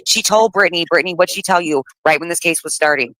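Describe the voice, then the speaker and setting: Sassy bright-voiced woman gossiping fast. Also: lowish voice, no room sound, rough recording. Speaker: live stream co-host. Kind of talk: gossipy live-stream chat.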